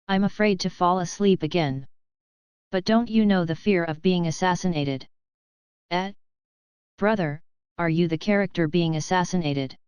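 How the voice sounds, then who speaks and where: A woman reading a scripted story, voicing the dialogue of pet characters in a stilted, even way. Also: lowish voice, smooth, dry recording.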